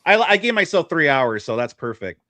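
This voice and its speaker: A man's voice: a little high, big pitch swings, a little fast. A man appearing as a guest on a live stream, easygoing and agreeable, laughing often as he chats. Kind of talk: casual livestream chat.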